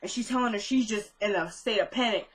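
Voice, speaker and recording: A woman giving a casual, chatty recap of a TV episode, slangy and quick to slip into quoting the characters' lines. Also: medium pitch, low-quality recording. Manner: chatty, slangy retelling that jumps into quoted dialogue.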